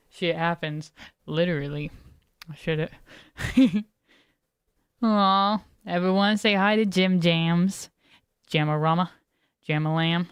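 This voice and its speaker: A woman's voice: on the low side, smooth, dry recording, clean studio sound. A woman streamer chatting casually with her live viewers, laid-back and giggly, greeting people by name. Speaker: game streamer.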